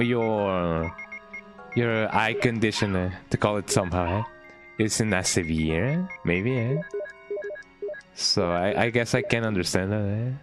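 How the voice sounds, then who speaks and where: Male streamer, low and very animated, playful casual game chatter, keeps tagging "eh?", faint music bed. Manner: tags nearly every sentence with "eh?"; playful, chats with viewers while playing. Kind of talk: casual gameplay commentary.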